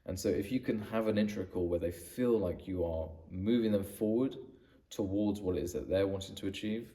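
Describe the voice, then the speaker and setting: A man's voice: low voice, a little fast, warm tone, distant mic. A man giving conversational business advice straight to the camera, often restarting and repeating words for emphasis. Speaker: business coach. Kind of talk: direct-to-camera advice video.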